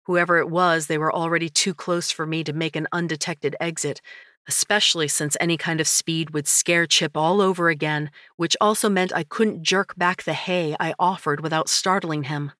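A woman narrating a first-person story in a measured, even storytelling manner. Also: low voice, no room sound, studio quality. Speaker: audiobook narrator.

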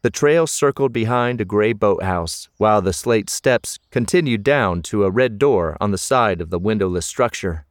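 A man narrating a novel as an audiobook, in a measured storytelling manner. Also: on the low side, animated, no echo, clean studio sound.

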